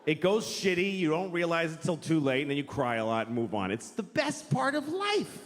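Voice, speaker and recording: A man's voice: a little high, very animated, normal speed, big-room sound. A man doing stand-up comedy, ranting bluntly and crudely, and jumping into mocking voices for the people he quotes. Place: large hall with an audience.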